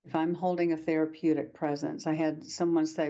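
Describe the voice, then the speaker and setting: A woman's voice: sits low, level tone, brisk, few pauses, dark tone, lo-fi sound. A woman presenting a workshop lecture to practitioners, talking in a conversational way and acting out short quoted exchanges.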